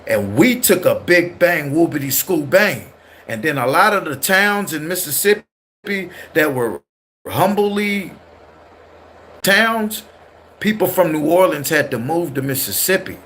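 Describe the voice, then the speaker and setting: A man's voice: on the high side, a bit bright, slight background noise. A man with a California accent and Southern slang, hosting a casual livestream and talking loosely and ramblingly to his chat. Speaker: livestream host.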